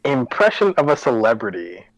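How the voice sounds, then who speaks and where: A man's voice: mid-range voice, sing-song, moderate pace, low-quality recording. A young man, a podcast guest in casual chat, laughing often and stumbling over his words.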